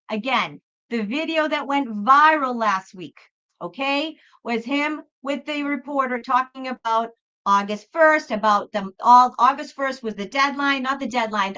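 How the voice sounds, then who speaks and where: High bright-voiced woman chatting on a live stream. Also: highs cut off. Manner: rambling, chatty, talks straight to viewers in the chat. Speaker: tarot reader hosting a live show. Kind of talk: casual live-stream chat.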